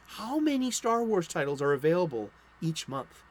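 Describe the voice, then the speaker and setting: A man's voice: high-pitched, very animated, unhurried. Rambling, profane comic-shop stream host man. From United States. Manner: rambling and profane, swings into angry rants. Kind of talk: casual solo stream chat about new comics. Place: home studio.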